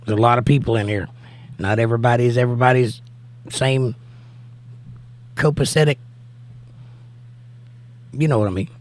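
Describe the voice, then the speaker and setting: Male livestream host, hoarse and nearly out of voice, relaxed and jokey, casual chat. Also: medium pitch, normal speed, pauses often. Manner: easygoing and jokey, talking straight to viewers. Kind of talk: casual livestream chat, reading viewer comments aloud.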